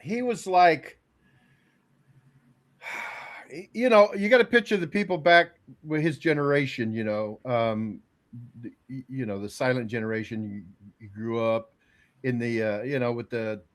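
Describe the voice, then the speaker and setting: A middle-aged man telling a story on a casual podcast, rambling and halting with many fillers and restarts. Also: medium pitch. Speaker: regular co-host, "the old man".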